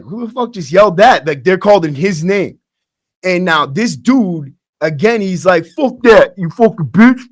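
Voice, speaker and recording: A man's voice: high voice, dry recording, studio quality. A man hosting a podcast, telling stories in a blunt, streetwise way, often saying "bro" and restarting his sentences. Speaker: podcast host and former prisoner. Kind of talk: casual storytelling monologue. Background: faint acoustic guitar music.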